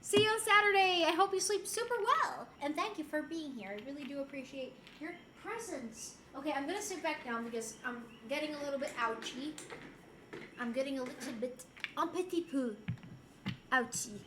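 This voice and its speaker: Amid some background noise, a Puerto Rican woman streams and reads out viewer messages in casual conversation. She has a high-pitched, expressive voice at a moderate pace, and she's playful and giggly, slipping into Spanish and French now and then.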